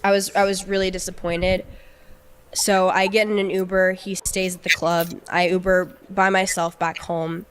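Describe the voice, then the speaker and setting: A young adult woman telling an emotional personal story, halting and often repeating words as she restarts. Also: on the low side, level tone, smooth. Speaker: guest telling her story.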